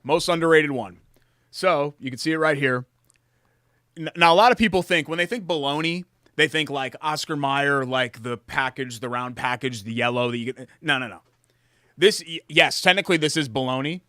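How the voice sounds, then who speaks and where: A man's voice: on the high side, normal speed, pushed and bright, no room sound, clean studio sound. A man co-hosting a casual sports talk show, joking with his co-host and doing sponsor reads. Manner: chatty, jokey, reads sponsor plugs. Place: studio.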